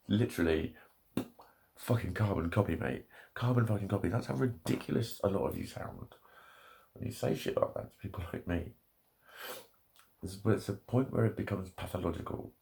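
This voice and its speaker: A man talking straight to his viewers in a swearing, ranting way. His voice sits very low with a gravelly fry running through it. He keeps up the tirade with blunt, heavy cursing. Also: lively intonation, fairly quick, a little mellow. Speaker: vlogger. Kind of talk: ranting monologue.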